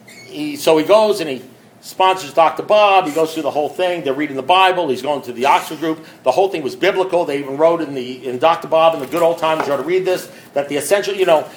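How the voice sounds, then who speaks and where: A man's voice: a little high, fast talker. A man speaking at a recovery meeting, telling his story with wry, self-mocking humor and emphatic, repeated build-ups. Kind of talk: storytelling talk.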